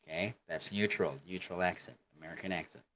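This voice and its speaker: A man's voice: deep voice, fairly even intonation, fast talker, fairly bright tone, a little hiss or hum. A man teaching English pronunciation in an online lesson, patiently repeating example phrases for learners to say back. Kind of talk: online language lesson with repeat-after-me drills.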